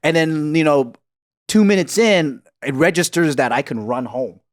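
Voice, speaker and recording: A man co-hosting a comedy podcast, telling a childhood story in a casual, profane, animated way and laughing as he goes. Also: fairly high pitch, normal speed. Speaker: podcast co-host.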